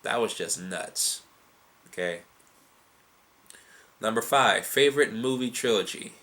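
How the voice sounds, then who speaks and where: A man's voice: lowish voice, slow, fairly bright tone. Rambling, cursing young man. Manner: rambling, profane and loose, with restarts. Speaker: vlogger answering viewer questions. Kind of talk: casual chat.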